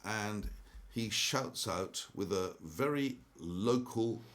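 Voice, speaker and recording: A man's voice: fairly low pitch, lively intonation, slow pace, a bit bright, slight background noise. An older man giving a casual, rambling monologue about markets and an old story, with many ums and restarts. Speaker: investment commentator.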